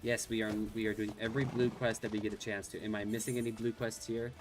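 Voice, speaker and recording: A man's voice: fairly low pitch, level tone, fast, soft background music. Chatty male game streamer. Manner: chatty, thinking aloud, self-correcting. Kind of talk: casual gameplay commentary.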